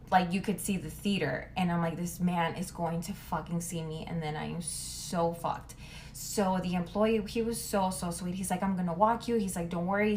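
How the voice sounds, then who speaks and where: A woman's voice: lowish voice, a little hiss or hum. Rambling young woman telling a storytime. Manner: rambling, profane, lots of "like". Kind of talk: casual storytime.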